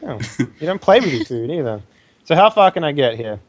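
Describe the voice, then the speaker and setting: A man's voice: a little high, big pitch swings, a little fast, crowd noise. A man playing a tabletop game, arguing his case sarcastically and swearing often. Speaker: player. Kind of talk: casual tabletop play.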